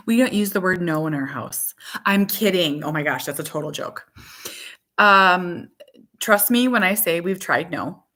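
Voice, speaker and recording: A woman in her thirties, a mother, talking casually on a live chat stream, rambling with many fillers and quick laughs. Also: fairly low pitch, animated, pushed and bright.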